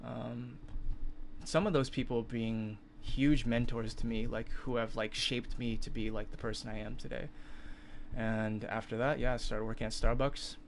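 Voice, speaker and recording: Young male streamer, mid-pitched, chatty and profane, bursts into loud disbelief; light hiss behind. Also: normal speed, creaky. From California. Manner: animated, swings into loud incredulous outbursts; swears freely, filler-heavy. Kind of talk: casual storytelling on a livestream.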